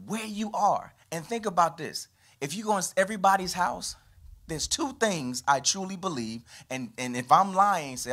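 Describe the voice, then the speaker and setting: A man, a pastor preaching a lively sermon to his congregation, his voice rising and falling from loud to quiet. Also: normal speed. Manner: animated preaching with sweeping pitch and volume. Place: church.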